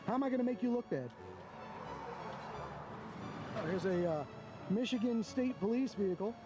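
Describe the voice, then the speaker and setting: A man's voice: sits high, expressive, moderate pace, music in the background. A man doing blunt, mocking running commentary to his camera outdoors. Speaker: camera auditor filming police. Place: outdoors, near a parking lot.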